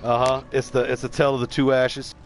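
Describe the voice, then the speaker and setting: A man's voice: medium pitch, monotone, fast talker, a little hiss or hum. A man from San Antonio, streaming a game and telling rambling, profane stories in casual chat. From San Antonio, Texas. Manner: rambling storyteller, swears a lot.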